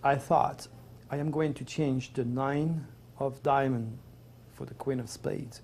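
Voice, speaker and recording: Gravelly man with a French accent. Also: mid-range voice, fairly even intonation, slow, a little mellow. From Provence, France. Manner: earnest, rambling, emotional. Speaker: interview guest. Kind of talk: personal storytelling.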